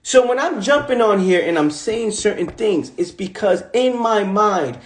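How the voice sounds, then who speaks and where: A man's voice: sits high, animated, measured pace, roomy sound. A man, giving a livestreamed motivational monologue in an emphatic, repetitive, slangy way. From the Bronx, New York. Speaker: motivational coach. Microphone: phone livestream.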